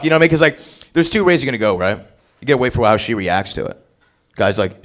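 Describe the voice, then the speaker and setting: A man's voice: fairly high pitch, very animated, fast talker. A man hosting an open mic comedy night, working the crowd with crude, profane banter on a club stage.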